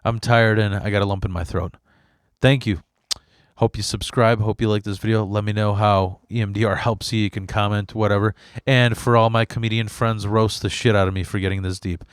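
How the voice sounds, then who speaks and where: A man's voice: fairly low pitch, level tone, a little fast, clean tone, dry recording, studio quality. A man hosting his own show, talking candidly and emotionally, swearing freely and restarting his sentences as he tells a personal story. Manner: emotional and profane, with frequent restarts. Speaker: podcast host.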